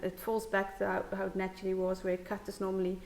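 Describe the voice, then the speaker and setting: A woman's voice: medium pitch, flat delivery, fast, gravelly, darkish tone, echoey room. A woman midwife giving practical advice in a casual chat, reassuring and explaining with frequent restarts.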